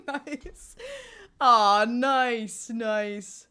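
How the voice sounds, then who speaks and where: A woman's voice: medium pitch, expressive, moderate pace, a bit bright. A young woman from Germany streaming live, chatting casually with viewers and laughing often as she answers them. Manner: giggly, chatty, answers chat with frequent laughter.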